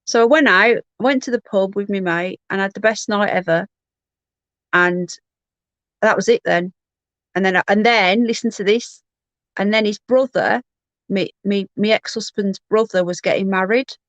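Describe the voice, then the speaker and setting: A woman's voice: mid-range voice, moderate pace, a bit bright, no room sound, muffled recording. A woman hosting a livestream, telling a personal story in a candid, rambling way with frequent restarts. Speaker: livestream host.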